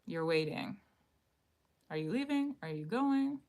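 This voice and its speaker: A woman hosting a live-streamed card reading. She muses aloud, repeats her phrases and speaks directly to her viewers, sometimes dropping to a soft whisper. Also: mid-range voice, expressive, a little slow. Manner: repetitive, musing, talks to viewers directly.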